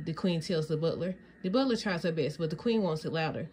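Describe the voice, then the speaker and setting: A woman reading a children's storybook aloud in an amused, lively way. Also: lowish voice, fairly quick, few pauses, slight background noise. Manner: amused, laughs often. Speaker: storybook reader.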